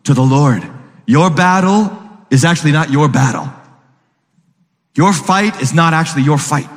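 A man with a fairly high voice preaches to his congregation with lively energy, often breaking into acted voices that leap upward. His sermon rings out with a long reverb tail from the hall around him. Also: normal speed. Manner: animated, acts out voices with sudden high pitch jumps. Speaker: pastor.

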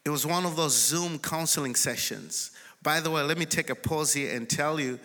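Pastor, male, bright and forceful, preaching in a big echoing sanctuary, peaks into shouts. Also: on the high side, moderate pace. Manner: builds to shouted declarations. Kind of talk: sermon. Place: large church sanctuary. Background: congregation responding.

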